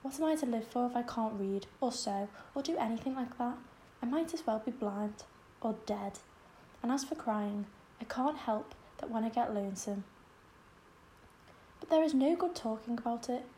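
A tired, clipped older woman's voice, stern and worn down, with a low mellow weight, as a woman narrator plays her. Her lines come flat and plain in an audiobook reading. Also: moderate pace, a little hiss or hum, natural voice. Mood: bitter. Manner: weary, clipped and bitter. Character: stern, weary elderly spinster. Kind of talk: audiobook character voice.

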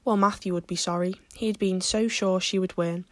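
A woman reading a classic novel aloud as an audiobook narrator, in a steady, measured way. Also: fairly low pitch, dry recording.

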